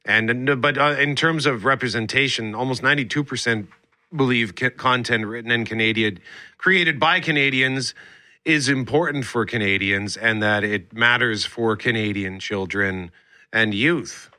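Bright-voiced male radio host. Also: medium pitch, normal speed, no room sound. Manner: relaxed, reads survey results aloud. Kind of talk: casual radio chat.

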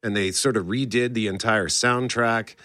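Here a fairly low-pitched man speaks steadily at normal speed, his tone a little bright. As host of a casual entertainment show, he gushes about pop culture and frequently restarts his sentences, captured in studio quality with no echo.

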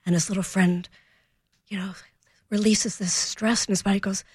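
A woman in her thirties, a child behavior expert, telling a parenting story on a radio talk show and acting out the calm words she used. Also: medium pitch, normal speed, breathy edge, no echo, studio quality.

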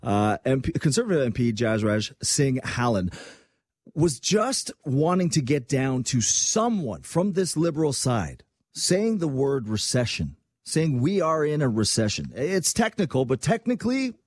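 A man from Quebec giving casual political commentary on his own program, animated and sarcastic. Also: mid-range voice, no room sound. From Quebec, Canada. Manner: animated, sarcastic, quick asides.

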